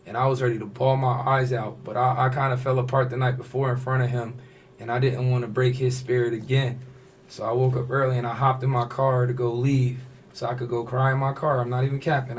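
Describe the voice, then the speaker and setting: A man's voice: mid-range voice, slight background noise. A man, a fashion designer on a podcast, telling a personal story in casual slang and often acting out what others said. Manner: animated storyteller, slips into quoted voices, casual slang.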